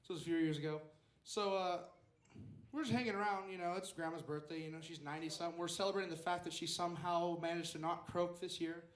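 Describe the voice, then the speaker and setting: A man's voice: on the high side, steady tone, quick pace, echoey room. A young man telling a rambling story at an open mic stand-up set, acting out the quotes. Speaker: stand-up comedian. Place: small club stage.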